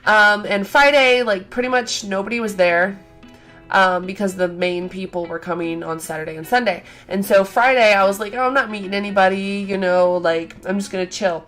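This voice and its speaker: Young woman vlogger, middle pitch, chatty and gushing, faint music behind. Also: moderate pace. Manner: chatty and excitable, many fillers and acted-out quotes. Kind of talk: casual storytelling vlog.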